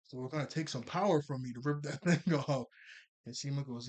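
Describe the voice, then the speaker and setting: A man's voice: medium pitch, darkish tone. Male anime reviewer, casual rambling recap, mid-range voice, laughs a lot. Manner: rambling, laughs often, quick paraphrased quotes.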